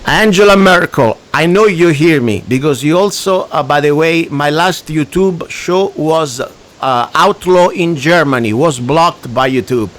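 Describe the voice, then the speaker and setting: A man's voice: on the high side, measured pace. A man with an Italian accent hosting a radio talk show, ranting emphatically in broken English. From Italy.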